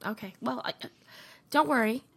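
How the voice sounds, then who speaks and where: A woman's voice: on the high side, moderate pace, creaky, fairly bright tone, breathy edge. A woman co-hosting a podcast, playful and teasing in casual chat. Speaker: podcast co-host.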